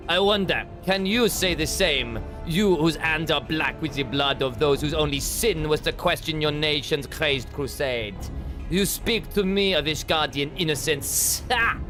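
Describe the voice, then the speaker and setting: A man's voice: fairly high pitch, pitched above the performer's own voice, close to an everyday voice. A man voicing a haughty, villainous male inquisitor in a put-on French accent, sneering and theatrical.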